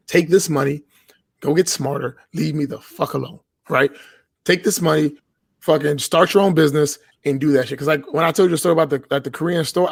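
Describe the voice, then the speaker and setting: A man tells his stories with blunt, profane emphasis. His voice sits a little high for a man. The sound is dry and close, with no room around it. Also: gravelly, breathy edge, no echo. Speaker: podcast guest. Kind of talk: casual podcast chat.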